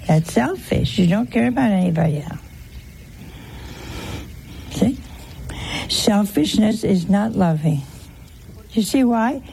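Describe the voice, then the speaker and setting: A woman's voice: mid-range voice, gravelly, mellow, husky. A woman giving an informal sermon, teasing her listeners with rhetorical questions and humorous anecdotes. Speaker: religious teacher.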